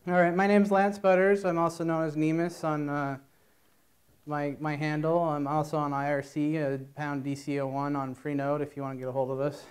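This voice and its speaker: A man's voice: fairly high pitch, little pitch movement, moderate pace, smooth. A man giving a conference talk, telling a long, rambling joke story in a playful way before starting his presentation. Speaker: conference speaker. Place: conference room.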